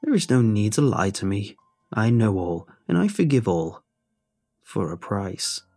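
A man voicing a creaking, rasping ancient hag who is sly and mocking. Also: on the low side, sing-song, unhurried, a little mellow, faint music behind. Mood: knowing. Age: over 60. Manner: sly and mocking, turning to cursing. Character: creaky ancient hag woman, gentle then cruel.

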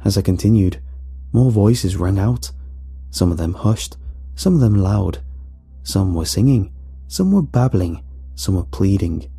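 A man reading a horror story aloud in a dramatic, animated way, with faint music behind. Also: on the low side, a little slow, creaky, slightly rough. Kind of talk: scripted horror narration.

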